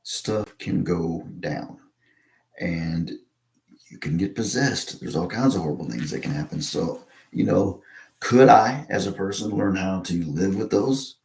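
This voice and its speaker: A low-pitched American man with a gravelly, creaky edge rambles through a casual monologue. He stops and restarts often, padding his talk with fillers. His voice rings in a noticeably echoey room. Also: animated, a little mellow. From United States. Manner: halting, with many fillers and restarts.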